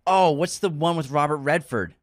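A man's voice: on the high side, moderate pace, no echo, studio quality. A man co-hosting a podcast in casual chat, teasing his partner and running a quiz. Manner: teasing, quizzing. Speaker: podcast co-host.

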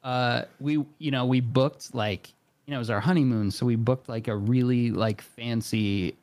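A man spins a casual anecdote as a podcast guest, pitch in an ordinary middle range. He leans on fillers and keeps breaking into laughter. The sound is dry and close. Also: normal speed, dry recording. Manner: animated, laughing often, many fillers. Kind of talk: casual storytelling.

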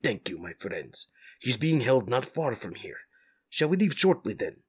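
A man voicing a wise, solemn jaguar mutant in a measured, husky voice, with Spanish words mixed in, for a comic read-aloud. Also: medium pitch, sing-song, heavily acted.

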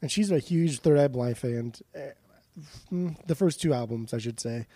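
Goofy young man, warm dry voice. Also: mid-range voice, normal speed, no echo. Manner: goofy, laughs often, rambling riffs. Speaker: podcast co-host. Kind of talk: casual chat.

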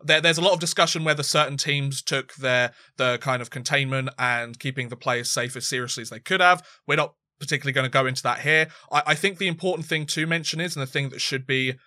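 A man's voice: medium pitch, fast, few pauses, pushed and bright, no echo, clean studio sound. A man co-hosting a sports podcast, chatting casually and rambling, with frequent restarts and fillers. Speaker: podcast co-host.

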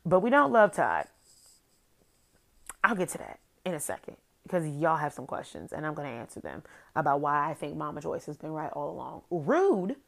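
A woman's voice: low voice, creaky. A woman hosting a casual recap podcast, profane and sassy, ranting animatedly about reality TV. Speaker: podcast host.

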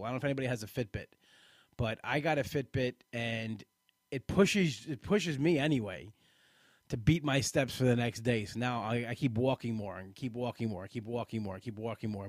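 A man's voice: mid-range voice, no echo, studio quality. A man hosting a casual live podcast, chatty and self-deprecating, a bit tired and rambling with restarts. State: tired, yawning. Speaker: podcast host.

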